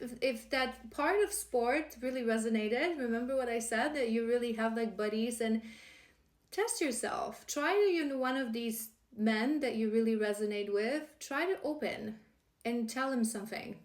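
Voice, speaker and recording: A woman with a fairly high voice gives an earnest, encouraging spiritual card reading. She often stumbles and restarts her phrases as she talks. The room around her sounds echoey. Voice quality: emotional, laughing warmly at times. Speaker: tarot card reader.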